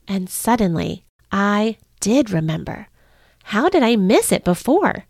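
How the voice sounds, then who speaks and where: A woman hosting a devotional podcast, reading a first-person story in an earnest, measured way. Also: medium pitch, very animated, a little mellow, dry recording, clean studio sound.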